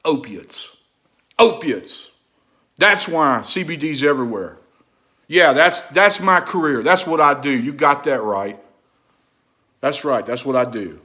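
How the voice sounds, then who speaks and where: A man hosting his own video channel, talking straight to the viewer in an impassioned, repetitive way. He swings between loud urging and low, confiding asides, and keeps asking rhetorical questions. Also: animated, unhurried. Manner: preachy, asks the listener rhetorical questions. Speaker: vlog host. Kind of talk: impassioned direct-to-camera monologue.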